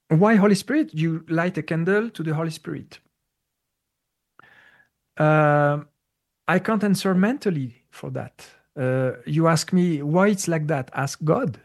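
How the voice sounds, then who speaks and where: A man answering a listener's question in a casual talk, halting and searching for words with many restarts. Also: fairly high pitch, darkish tone. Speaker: spiritual teacher answering questions. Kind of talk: casual spoken Q&A.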